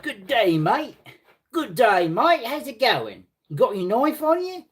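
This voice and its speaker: A man's voice: fairly high pitch, huge pitch swings, takes it slowly, pitched above the performer's own voice, full character voice. Man putting on a hammy Aussie bushman. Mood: playful. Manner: exaggerated mock Australian twang. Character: jokey Australian bushman with a big knife, male adult.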